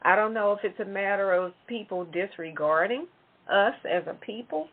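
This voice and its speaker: A woman co-hosting a talk show, chatting casually and answering in a measured, reflective way. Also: medium pitch. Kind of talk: casual chat. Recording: phone-like lo-fi audio.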